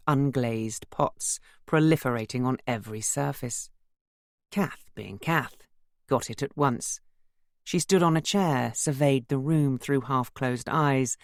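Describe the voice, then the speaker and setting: A woman narrating a first-person novel as an audiobook, measured and wry. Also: a bass voice, no echo, studio quality.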